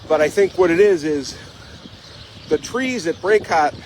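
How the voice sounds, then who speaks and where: Out on a bike path, a man live-streams his ride with chatty, rambling talk full of "you know," slightly breathless. His voice is on the high side, expressive, a little mellow and a little slow, while strong wind noise hits the phone mic.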